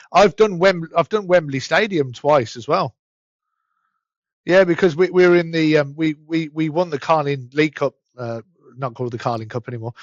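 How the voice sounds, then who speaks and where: A man's voice: fairly high pitch, dry recording. Man, Birmingham accent, podcast guest, chatty, restarts often, dry, slightly muffled. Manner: chatty, stumbling restarts, rushed bursts. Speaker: podcast guest, events company director. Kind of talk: casual interview chat.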